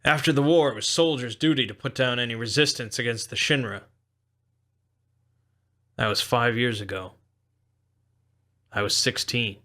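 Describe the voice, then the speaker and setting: Brooding young soldier, read by a man, flat and reserved, bright forceful tone. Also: medium pitch, normal speed, long pauses, close to an everyday voice. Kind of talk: fan voicing of game dialogue.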